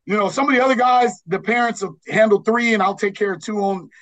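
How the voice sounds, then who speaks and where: Brief: man from Los Angeles, basketball coach, higher-pitched voice, earnest and rambling as a podcast guest. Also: fast talker, fairly bright tone, low-quality recording. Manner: earnest, rambling, with many restarts.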